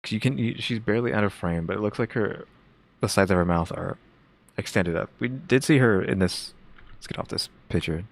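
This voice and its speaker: A man co-hosting a reaction video, thinking aloud in a halting, casual way with frequent restarts. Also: lowish voice, creaky. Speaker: reaction co-host.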